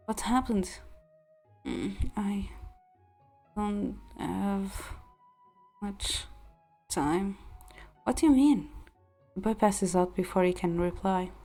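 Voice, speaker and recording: A woman streamer reads a romance visual novel aloud in a mellow, warm voice at a middling pitch. She narrates expressively and drops in casual asides. Soft background music plays underneath.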